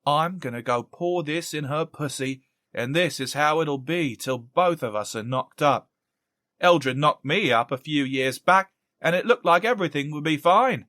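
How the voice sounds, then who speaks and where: A man's voice: on the high side, animated, measured pace, pushed and bright, no echo, studio quality. A man voicing a scheming young woman who speaks in a sly, threatening way. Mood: menacing.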